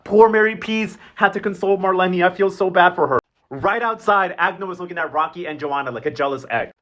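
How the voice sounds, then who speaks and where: A man's voice: high voice, animated, a little fast, fairly bright tone. A man giving a sassy, comedic recap full of slang and asides. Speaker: novela recap vlogger.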